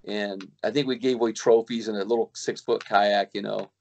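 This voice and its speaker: A man's voice: lowish voice, steady tone, normal speed, vocal fry, darkish tone. A middle-aged man, a kayak fishing guide, telling a long story in casual chat with many restarts and acted-out quotes.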